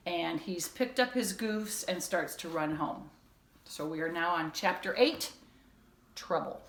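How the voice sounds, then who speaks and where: A woman's voice: lowish voice, a bit bright. A woman teacher recapping a children's chapter book in a casual way and then reading it aloud expressively. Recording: echoey room.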